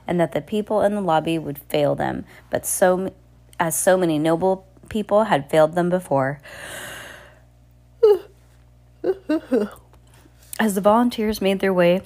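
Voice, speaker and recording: A woman's voice: gravelly, a little mellow. A woman casually reading a novel aloud, stumbling and restarting often, with little spoken asides, and lifting her voice for the characters' lines. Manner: raises pitch for characters' lines. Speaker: amateur audiobook reader.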